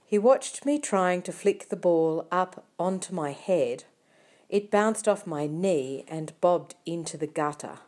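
Slow, mellow-voiced woman narrating. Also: on the low side, expressive. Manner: measured, quiet storytelling. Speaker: audiobook narrator. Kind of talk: first-person audiobook narration.

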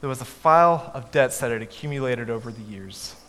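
Man telling a story in an echoey hall. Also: medium pitch. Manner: measured, dropping softly at line ends. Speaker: speaker telling a family story. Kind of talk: storytelling talk to an audience. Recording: echoey hall, faint background noise.

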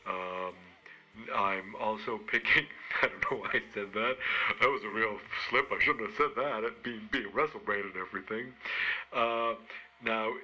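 A man co-hosting a podcast, giving a rambling, self-mocking comedic monologue of wrestling picks with halting restarts. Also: fairly low pitch, bright, forceful tone, dull audio.

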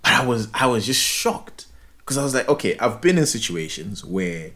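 A man's voice: mid-range voice, big pitch swings, moderate pace, bright, forceful tone. A young Zimbabwean man whose first language is Ndebele, telling a story in casual chat and acting out both sides of a phone call.

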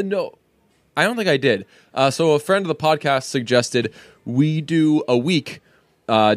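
A man's voice: medium pitch, dry recording. A man co-hosting a podcast, chatting casually, rambling and swearing, laughing often. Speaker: podcast co-host.

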